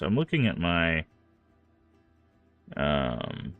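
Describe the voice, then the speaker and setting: A man's voice: on the low side, a little slow, no echo, phone-quality sound, faint music behind. A man streaming a game, talking casually and rambling with many fillers, stuffed up from allergies. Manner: rambling, filler-heavy, apologetic. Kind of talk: casual gameplay stream chat.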